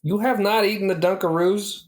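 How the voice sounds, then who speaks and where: A man's voice: sits high, steady tone, a little fast. A man playing a tabletop game, wry and matter-of-fact. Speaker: player. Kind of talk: tabletop role-play.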